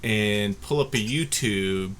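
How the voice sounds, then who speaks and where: A man's voice: fairly low pitch, slow pace, crowd noise. A man co-hosting a casual livestream chat over a video call, laid-back and wry. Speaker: podcast co-host.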